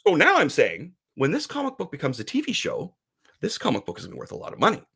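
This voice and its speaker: A man's voice: fairly high pitch, huge pitch swings, fast talker, creaky, pushed and bright, slightly rough. A man co-hosting a casual podcast, talking animatedly and acting out quoted voices. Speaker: podcast co-host, comic publisher.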